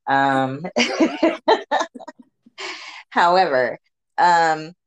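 A woman's voice: sits low, very slow, smooth, low-quality recording. A woman hosting a podcast, talking bluntly and swearing heavily in casual political chat. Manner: blunt, heavy swearing, animated rants. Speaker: podcast host.

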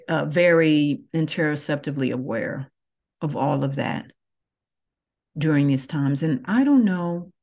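A woman who teaches yoga, talking through her thoughts slowly and reflectively, with many pauses. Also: low-pitched, darkish tone. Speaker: yoga teacher and podcast host. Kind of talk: reflective solo podcast talk.

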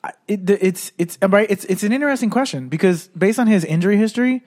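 Male podcast co-host, slightly high voice, loose, profane, tipsy sports talk. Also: expressive, fast, a little mellow. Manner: rambling, profane, many restarts. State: been drinking. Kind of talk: casual sports chat.

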